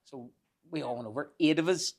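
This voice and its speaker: A man's voice: a little high, fairly quick. A man in his forties, a podcast guest, telling rambling, profane anecdotes and laughing as he goes. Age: 40s. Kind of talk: casual storytelling.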